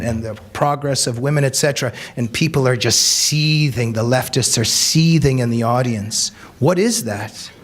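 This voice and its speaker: A man giving an earnest, emphatic talk about his book to a seated audience, repeating key phrases for weight. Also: mid-range voice. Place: meeting room with an audience.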